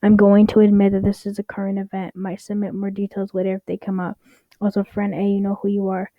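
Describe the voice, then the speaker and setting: A woman's voice: medium pitch, monotone, a little fast, no room sound, dull audio. A young woman reading online stories aloud in a casual way, stumbling over words and adding wry asides. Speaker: story reader.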